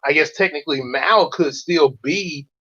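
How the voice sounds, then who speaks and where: A man hosting a casual reaction chat, rambling and halting with many restarts. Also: fairly high pitch, bright, forceful tone, slightly rough, dull audio. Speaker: host.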